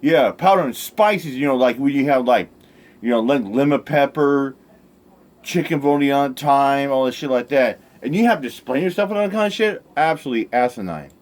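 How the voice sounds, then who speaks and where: A man's voice: medium pitch, lively intonation, fairly quick, a little mellow. A man hosting a reaction video, giving casual, emphatic and profane commentary.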